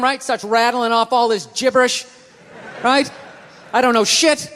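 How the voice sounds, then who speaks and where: Ranting high-pitched male stand-up comic. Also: steady tone, unhurried, pauses often, in a large hall. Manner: ranting, explosive, shouting at times. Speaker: stand-up comedian. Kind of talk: stand-up comedy.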